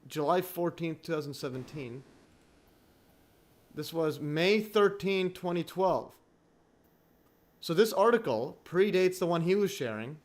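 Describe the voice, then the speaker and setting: A man hosts a livestream in loose, casual chat. His voice sits a little high for a man, and he stops and restarts often, with frequent little laughs. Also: expressive. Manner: halting, many restarts and fillers, chuckling often. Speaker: livestream host.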